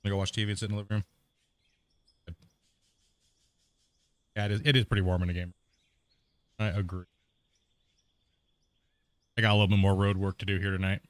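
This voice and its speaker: A man's voice: deep voice, level tone, fairly quick, long pauses, no room sound. A man streaming a game from home, chatting casually with viewers and people in the house, laughing often. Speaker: gaming streamer. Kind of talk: casual live-stream chat.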